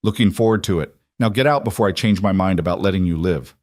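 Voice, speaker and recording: A grim war veteran living in the mountains, calm and deadly, as a male narrator voices him. The voice stays low and steady, recorded dry and close. This is a western audio drama. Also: quick pace, no echo, lightly acted. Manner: calm, menacing.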